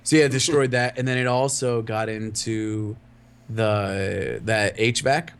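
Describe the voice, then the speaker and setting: A man's voice: on the low side, steady tone, measured pace, creaky, clean tone. A man co-hosting a podcast in casual chat, rambling with lots of fillers and laughing often. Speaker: podcast co-host.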